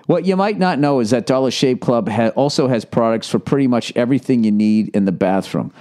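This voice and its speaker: A man's voice: mid-range voice, fairly quick, a little mellow. A man, hosting a podcast and reading ads sarcastically, riffing off the copy with swearing. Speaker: podcast host. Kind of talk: casual podcast ad read.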